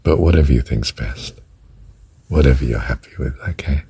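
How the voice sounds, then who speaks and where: An older man teaching a breathing exercise, soft-spoken and slipping into whispered counts. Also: a bass voice, moderate pace, breathy edge, dry recording. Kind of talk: spoken meditation instruction.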